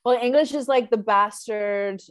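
A woman's voice: a little high, measured pace, dry recording. A woman hosting a podcast, chatting enthusiastically and casually with lots of fillers and giggles. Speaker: podcast host.

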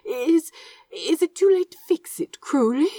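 A gentle, fussy angel, high-pitched and fretful, whose voice swoops and flutters with gasping worry, as a woman puts him on. He speaks slowly. It is a close, dry podfic recording. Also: wildly swooping pitch, husky, no room sound, exaggerated voice. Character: gentle fussy male angel, soft-hearted and anxious. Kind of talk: podfic reading.

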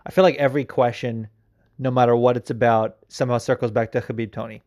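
A man's voice: medium pitch, fairly even intonation, quick pace, a little mellow. Rambling, profane podcast host man. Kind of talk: casual chat.

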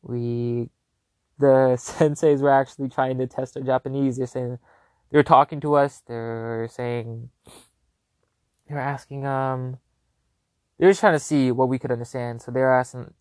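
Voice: medium pitch, fairly even intonation, normal speed, a little mellow, no echo. Rambling, chatty vlogger with a dry sound. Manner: chatty, filler-heavy with constant "like", casual swearing; loose, self-correcting. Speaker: vlogger recounting a trip. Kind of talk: casual rambling storytelling.

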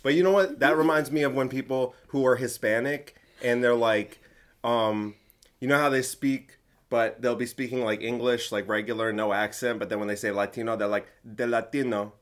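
A man's voice: medium pitch, steady tone, normal speed. A man hosts a casual podcast with friends. He jokes a lot and argues back on purpose to stir things up, in a loose conversational tone. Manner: joking, playfully contrarian. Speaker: podcast host. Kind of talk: casual chat.

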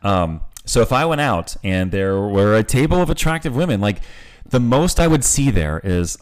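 A man's voice: fairly low pitch, big pitch swings, moderate pace. Candid, joking man in his forties. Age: 40s. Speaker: podcast host. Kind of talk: casual podcast chat.

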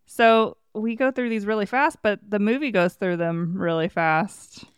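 A woman co-hosting a podcast in relaxed casual chat, laughing often. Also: medium pitch, a little slow, smooth, no echo, studio quality. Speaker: podcast co-host.

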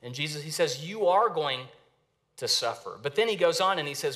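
A young man, a pastor, preaching a sermon with earnest, emphatic rises and pauses. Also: on the high side, lively intonation, a bit bright. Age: young adult.

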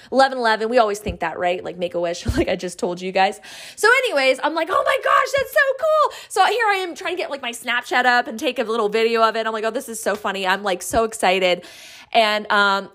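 A woman podcast host telling a personal story in a casual, excitable, chatty way, acting out the quoted lines. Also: mid-range voice.

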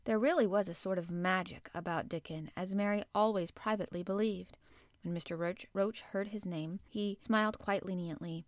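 A woman narrating a children's classic in a measured storytelling manner. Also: medium pitch, fairly even intonation, dry recording, clean studio sound. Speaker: audiobook narrator. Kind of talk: scripted narration.

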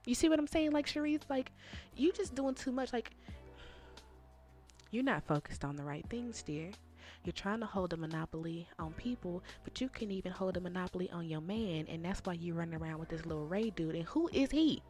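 A woman's voice: on the low side, a little fast, faint music behind. Sassy woman recapping reality TV. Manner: sassy, animated, talks straight to the viewers. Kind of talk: casual opinionated commentary.

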